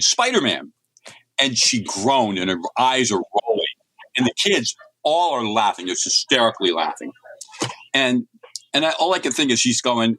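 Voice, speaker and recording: A forceful, bright, mid-range male voice with no echo belongs to a middle-aged American comics writer. He's an interview guest telling casual stories in a chatty way, rambling through anecdotes and restarting many times.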